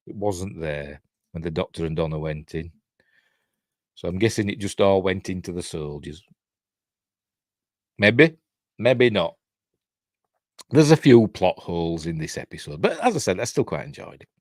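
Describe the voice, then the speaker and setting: A man's voice: on the low side, dry recording, clean studio sound. Chuckling, rambling older Yorkshire man. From Yorkshire, England. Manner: rambling and chatty, chuckles often. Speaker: reviewer and channel host. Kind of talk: casual watch-along commentary.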